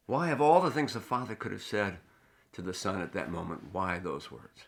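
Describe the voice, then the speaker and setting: Bright-voiced man preaching a sermon. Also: lowish voice, a little fast, gravelly. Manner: earnest, storytelling preacher with lively emphasis. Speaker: pastor.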